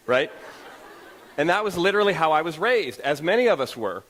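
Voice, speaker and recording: A man giving a motivational talk to an audience, telling stories in an animated, self-deprecating way. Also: medium pitch, fast talker, long reverb tail, a little hiss or hum, poor audio. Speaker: motivational speaker. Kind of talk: storytelling keynote talk to an audience.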